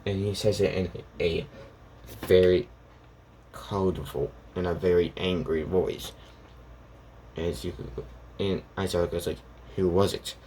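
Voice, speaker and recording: Low, slow man rambling through a fan story. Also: steady tone, mellow, slight background noise. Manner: rambling, halting, acts out lines of characters. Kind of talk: improvised fan story narration.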